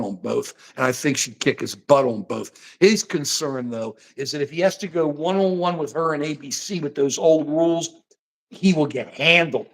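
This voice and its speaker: A man with a high voice co-hosting a political livestream. He talks in a rambling, animated run of casual chat, then keeps handing the floor back to his partner. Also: creaky.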